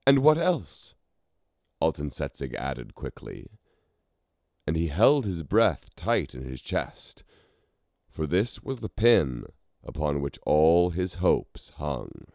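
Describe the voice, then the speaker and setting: A man narrating a fantasy story in a measured, dramatic reading. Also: very deep voice, sing-song, a little mellow, dry recording, studio quality.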